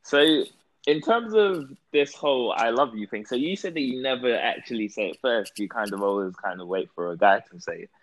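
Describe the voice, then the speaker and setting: A man's voice: medium pitch, lively intonation, brisk, slight background noise, rough recording. A man hosting a casual chat, asking rambling, thoughtful questions.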